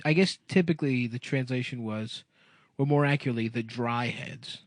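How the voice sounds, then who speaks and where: A man's voice: medium pitch, normal speed, dry recording. A man chatting on a comedy podcast, rambling through an anecdote with frequent laughter and crude jokes. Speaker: podcast co-host. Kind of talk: casual comedic podcast chat.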